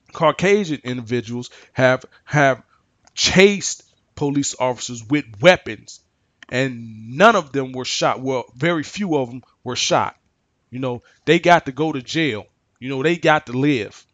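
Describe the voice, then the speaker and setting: A man's voice: mid-range voice, fairly bright tone, no echo. Emphatic man firing rhetorical questions. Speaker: commentator giving his opinion. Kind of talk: unscripted monologue on current affairs.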